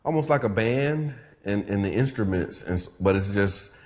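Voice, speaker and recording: A man hosting a community podcast, talking in a relaxed, reflective way with many fillers. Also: fairly low pitch, moderate pace, background noise. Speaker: podcast host. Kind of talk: casual interview talk.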